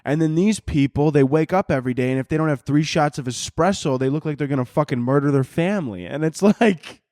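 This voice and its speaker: A man's voice: on the high side, a little fast, a little mellow, dry recording, clean studio sound. A man in his twenties hosting a casual solo podcast, rambling and swearing, with a lot of filler words, and laughing at his own jokes. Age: 20s. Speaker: podcast host.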